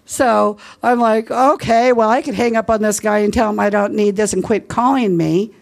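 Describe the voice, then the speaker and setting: A woman's voice: medium pitch, normal speed, creaky. Earnest woman sharing faith stories. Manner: earnest, lively storyteller. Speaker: Christian speaker sharing evangelism testimony. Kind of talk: informal faith talk with personal stories.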